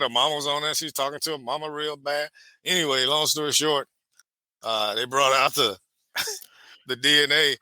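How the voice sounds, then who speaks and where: A man tells a story in a casual chat, acting out every quoted voice. His voice is very bright and forward, and it sits close and dry with no room sound. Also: mid-range voice, fairly even intonation, moderate pace, dry recording. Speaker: podcast co-host.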